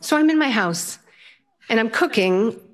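An older woman, a self-taught storyteller, telling a personal story with lively, self-mocking humor and frequent laughs. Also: a little high, unhurried. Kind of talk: personal story told live.

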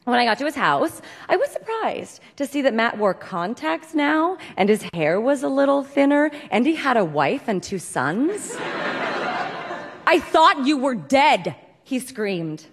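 A woman reading a comic story aloud with deadpan, dry timing. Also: a little high, normal speed, hardly any pauses. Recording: long hall reverb.

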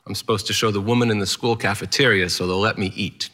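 A man's voice: on the low side, steady tone, fast talker, bright, forceful tone. A man performing a first-person story, narrating vividly in the present tense with rhythmic, punchy phrasing.

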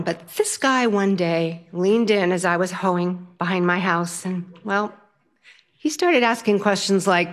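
An older woman, a self-taught storyteller, telling a personal story in a lively, humorous way, her pitch jumping up for punchlines. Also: a little slow. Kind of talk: personal story told to an audience.

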